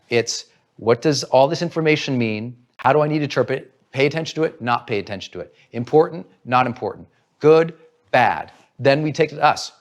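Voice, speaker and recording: A man giving an earnest motivational talk, coaching listeners and acting out their inner voices. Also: a little high. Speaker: motivational speaker.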